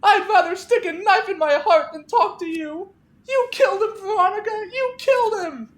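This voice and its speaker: A woman's voice: very high voice, normal speed, echoey room, voice pushed up. A woman voicing a distraught young woman who screams accusations through tears. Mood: hysterical. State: crying.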